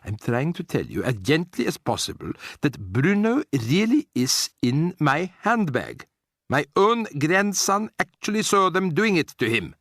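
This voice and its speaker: A man voicing a prim, deliberate elderly grandmother in an audiobook. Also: fairly high pitch, sing-song, a bit bright, no echo, clean studio sound, pitched above the performer's own voice, full character voice. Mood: firm. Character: brisk proper elderly grandmother. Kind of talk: audiobook character voice.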